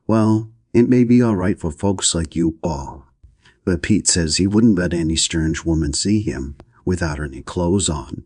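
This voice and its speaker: A man's voice: low-pitched, lively intonation, a little slow, darkish tone, breathy edge, no echo, studio quality, heavily acted. A man voicing a placid, prim young woman in an audiobook reading, speaking in an unbothered drawl.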